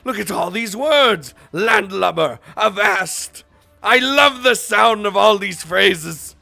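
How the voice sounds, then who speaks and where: Guy doing a goofy pirate-talk dude, loud and theatrical, raspy and bright. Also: high voice, expressive, slow, no room sound, soft background music, pitched above the performer's own voice, heavily acted. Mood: delighted. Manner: theatrical, wide-eyed and enthusiastic. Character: otherworldly man speaking stagey pirate lingo.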